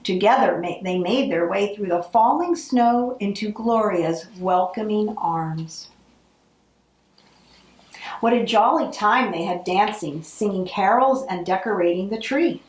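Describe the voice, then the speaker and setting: A woman reading a holiday picture book aloud, with expressive narration. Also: medium pitch, unhurried, roomy sound, poor audio. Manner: expressive, acts out the characters. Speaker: storybook reader.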